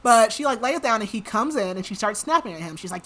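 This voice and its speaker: Chatty woman with a bright voice. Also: on the high side, expressive, fast talker. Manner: chatty, filler-heavy retelling with many likes. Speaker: podcast host. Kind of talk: casual book recap.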